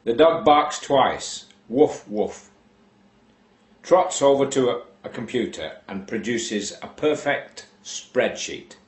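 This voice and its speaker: Slow deadpan man telling a joke. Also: mid-range voice, reverberant. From England. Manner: unhurried, deadpan storytelling with long pauses. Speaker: joke teller. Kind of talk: slow told shaggy-dog joke.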